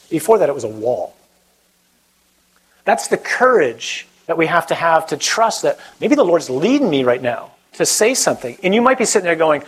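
Husky male priest, higher-pitched, animated preaching style that slips into a calm prayer. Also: low-quality recording. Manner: animated, acts out quoted voices.

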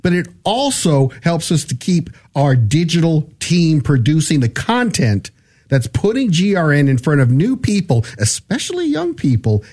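Lively, upbeat man asking for radio pledges. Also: fairly high pitch, moderate pace. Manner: energetic and enthusiastic, repeats the pledge phone number. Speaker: co-host of a Catholic radio pledge drive. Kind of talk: radio fundraising appeal.

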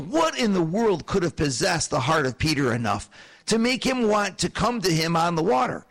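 A man with a notably high voice teaches from scripture in an animated, storytelling way. He paints the scene for his listeners and keeps asking them rhetorical questions. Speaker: preacher. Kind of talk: sermon-style Bible teaching.

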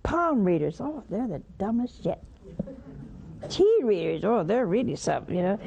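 A woman's voice: medium pitch, big pitch swings, normal speed, vocal fry, mellow, slightly rough. An older woman hosting a religious call-in show, preaching emphatically, scolding and mocking. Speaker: religious TV host taking calls.

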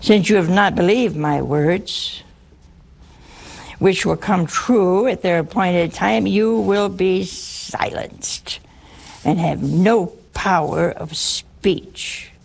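A stern male archangel , voiced by a woman preacher, hands down his words slowly and with authority. The voice is gravelly with a husky edge. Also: lowish voice, a little mellow, exaggerated voice.

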